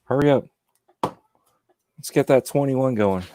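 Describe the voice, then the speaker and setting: A man's voice: mid-range voice, slow pace, dark tone, slight background noise. A man talking as a guest on a casual podcast, rambling and repeating himself with many "you know"s. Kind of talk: casual chat.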